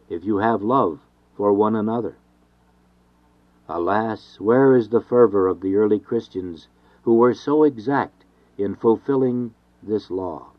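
A man giving an earnest, measured reading of a devotional sermon with steady, repeated refrains. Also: fairly low pitch. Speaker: reader of a devotional text. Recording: dull lo-fi recording.

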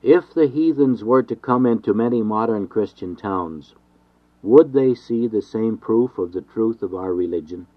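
A man giving an earnest, measured reading of a devotional sermon with steady, repeated refrains. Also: lowish voice. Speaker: reader of a devotional text. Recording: dull lo-fi recording.

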